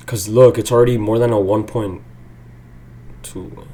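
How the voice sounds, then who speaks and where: A man's voice: on the low side, fairly even intonation, a little slow. Frustrated young man ranting while trading. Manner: frustrated, swearing, swings from mutters to shouts. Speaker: day-trading vlogger. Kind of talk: live streaming commentary.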